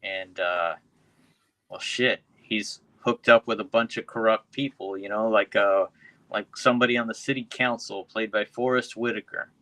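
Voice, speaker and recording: A man's voice: lowish voice, fairly even intonation, moderate pace, sharp tone, dry recording. A man co-hosting a podcast, recapping a film in a loose, profane, rambling way. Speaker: podcast co-host. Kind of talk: casual podcast chat.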